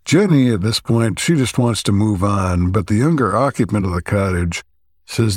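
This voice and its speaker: A low-voiced man recapping an episode. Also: no echo, clean studio sound. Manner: relaxed, halting, with frequent "uh" pauses. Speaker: podcast co-host. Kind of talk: casual plot recap.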